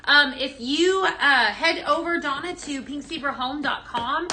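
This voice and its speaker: A woman hosting a live product demo. She chats casually and eagerly with viewers she cannot see, with many "um"s and small restarts. Her voice sits a little high and sounds bright and forceful, with a faint hiss of noise behind it. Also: measured pace. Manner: chatty, reads and answers viewer comments; enthusiastic with fillers and restarts. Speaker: host of a live home-fragrance sales show.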